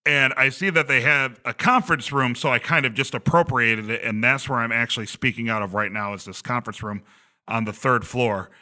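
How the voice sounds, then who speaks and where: A man's voice: mid-range voice, brisk, sharp tone. A man in his thirties, a podcast host telling a rambling story and laughing often, speaking from a glass conference room. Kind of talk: casual chat.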